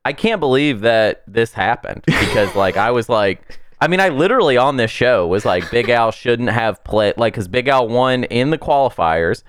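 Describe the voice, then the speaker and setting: Smooth-voiced animated podcast co-host man. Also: medium pitch, normal speed, no echo. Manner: animated, mock-outraged, repeats his punchlines. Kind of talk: casual podcast chat.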